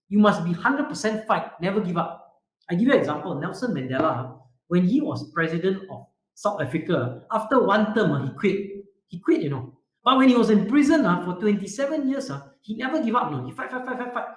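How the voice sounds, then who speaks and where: An animated man coaching a youth group over a video call. His pitch is high and bounces a lot, and his voice echoes in a roomy space. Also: a little fast. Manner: animated, asks the group questions, repetitive fillers. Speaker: youth leadership speaker. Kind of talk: online workshop talk.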